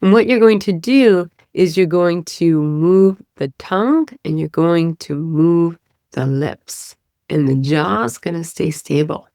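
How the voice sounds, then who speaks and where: A woman's voice: on the low side, slow, warm tone, dry recording, clean studio sound. A woman speech-language pathologist explaining a therapy method, demonstrating sounds and checking in with "right?". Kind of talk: teaching podcast explanation.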